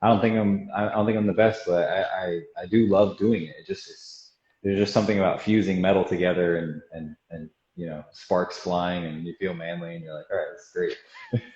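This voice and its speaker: In a casual storytelling chat, a guest auto body technician rambles through stories from the shop and laughs often. His deep voice is level in tone, brisk, and a little mellow. The recording sounds roomy, dull and lo-fi.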